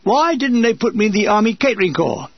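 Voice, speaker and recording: A man's voice: high-pitched, very animated, fairly quick, creaky, slightly rough, no room sound, lo-fi sound, voice pushed up, exaggerated voice. A man voicing a grumbling short soldier who was a pastry cook, talking with exasperation. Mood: exasperated. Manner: exasperated, complaining.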